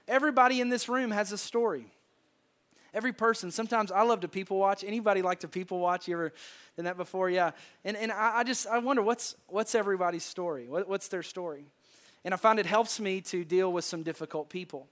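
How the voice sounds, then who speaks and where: A man's voice: high-pitched, a bit bright. A man with a Southern American accent, preaching a conversational sermon to his congregation, often repeating words and asking the room questions. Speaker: pastor. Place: church sanctuary.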